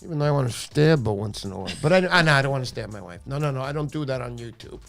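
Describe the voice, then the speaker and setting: A middle-aged man hosting a casual livestream, playful and jokey with loud bursts of excitement. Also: medium pitch, rapid-fire, vocal fry, faint music behind. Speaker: livestream host.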